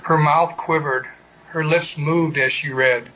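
A man reading a literary short story aloud in a steady, measured way. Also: on the high side, rough recording. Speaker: narrator.

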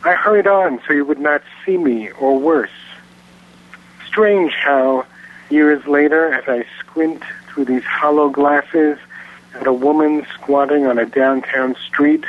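A man's voice: on the high side, takes it slowly. Man reading poems over a phone line. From Virginia, US. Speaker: poet and guest caller. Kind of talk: poetry reading. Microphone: telephone.

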